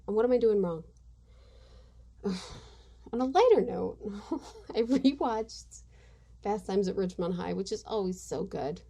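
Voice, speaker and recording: A woman's voice: medium pitch, warm tone. A middle-aged woman hosting a podcast, chatting casually from home in a rambling, self-deprecating way. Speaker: podcast host. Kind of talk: casual chat. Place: home room with household noise.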